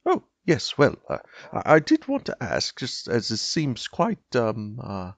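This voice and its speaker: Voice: mid-range voice, wildly swooping pitch, a little slow, no room sound. An interviewer speaking politely and hesitantly, with lots of ums and uhs, in a comedy interview.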